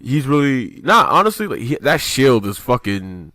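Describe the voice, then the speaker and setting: A man's voice: mid-range voice, sing-song, normal speed, pushed and bright, dry recording, clean studio sound. A man co-hosting a podcast in loose casual chat, rambling with lots of fillers and swearing. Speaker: podcast co-host.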